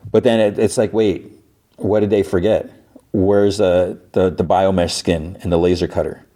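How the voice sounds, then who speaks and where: A man's voice: low voice, steady tone, normal speed, warm tone. A man hosting a podcast, retelling a TV episode in a rambling, casual way with lots of fillers. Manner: rambling, filler-heavy retelling with acted-out quotes. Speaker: podcast host.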